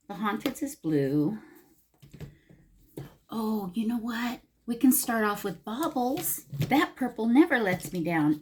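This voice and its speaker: A faint hiss or hum sits under this woman's fairly high, darkish-toned voice. She's a beauty vlogger from Los Angeles, California, gushing and talking to herself as she casually applies makeup on camera.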